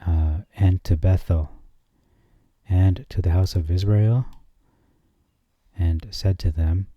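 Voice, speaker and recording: A man hosting his own channel, comparing scripture translations on screen and reading verses slowly before commenting dryly. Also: deep voice, fairly even intonation, no room sound, highs cut off. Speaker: channel host.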